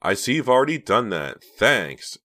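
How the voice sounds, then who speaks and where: A man's voice: medium pitch, big pitch swings, moderate pace, sharp tone, voice pushed up. A man voicing a spoiled, scheming rich teenage girl in an audiobook, gushing and teasing with mock innocence.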